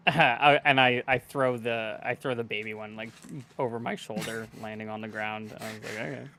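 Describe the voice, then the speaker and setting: A man's voice: on the low side, level tone, a little slow, pushed and bright. A man playing a tabletop game, talking hesitantly and rambling, with frequent laughs. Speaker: player. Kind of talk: casual tabletop game play.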